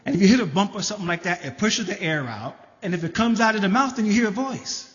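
A man voicing a calm, matter-of-fact male funeral home manager who explains things patiently, on a live stage with long reverb. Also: high voice, fast, highs cut off, voice pushed down. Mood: explaining.

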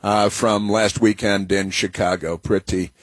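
A man hosts a talk radio show, musing sarcastically and wandering through his points with plenty of "uh"s. His voice is slightly husky and sounds dry and close to the mic. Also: fairly low pitch, fairly even intonation, unhurried, a bit bright, no echo. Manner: sarcastic, rambling with many fillers.

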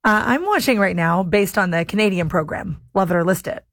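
A woman's voice: medium pitch, a little fast, a bit bright, no echo, clean studio sound. A woman hosting an afternoon radio show, chatting in an amused, easy way and reading the time and weather. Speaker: radio host. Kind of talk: casual radio chat. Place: radio studio.

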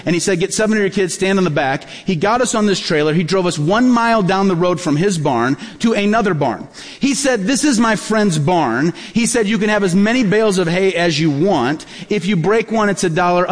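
A man's voice: high voice, big-room sound. A male pastor preaching a sermon, telling stories and acting out the dialogue in them. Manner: storytelling, acts out quoted dialogue.

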